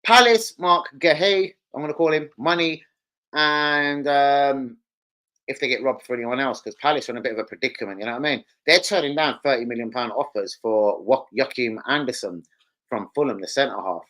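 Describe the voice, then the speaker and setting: A man with a British accent hosting a casual football fan livestream, ranting excitably and swearing freely. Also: medium pitch, moderate pace, poor audio. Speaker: live stream host.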